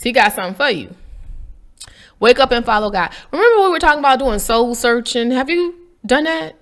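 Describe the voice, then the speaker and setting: A woman, talking to viewers in a casual inspirational vlog, animated and preachy with a playful streak. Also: a little high, brisk. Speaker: faith vlogger. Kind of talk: casual inspirational talk to camera.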